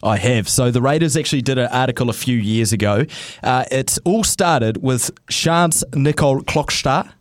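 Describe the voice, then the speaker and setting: A man's voice: medium pitch, normal speed, no echo, studio quality. Chatty male radio co-host telling a story. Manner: chatty anecdote-telling, acts out quotes.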